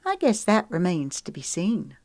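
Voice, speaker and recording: A woman's voice: on the low side, very animated, moderate pace, vocal fry, darkish tone, dry recording, voice pushed up. Woman narrator doing a guarded young female singer, rueful and teasing, dry booth. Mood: bantering.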